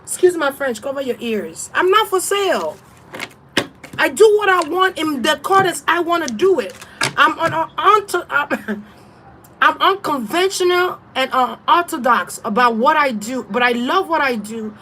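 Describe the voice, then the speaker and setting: A woman's voice: sits high, lively intonation, normal speed, bright, forceful tone, slight background noise. A woman tarot reader ranting on a casual livestream, blunt, profane and defiant, laughing often.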